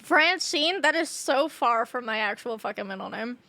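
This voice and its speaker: A woman's voice: fairly high pitch, moderate pace, creaky, sharp tone, no echo. A young woman streaming a game, chatting casually and laughing often, swearing freely and filling her talk with "like," on a close mic. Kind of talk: casual chat while gaming live.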